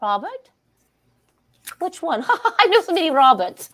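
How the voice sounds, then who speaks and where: A woman's voice: very high voice, big pitch swings, unhurried, a bit bright, heavily acted. A woman giving a staged play reading as a scatterbrained, grandly theatrical aging stage actress who giggles often.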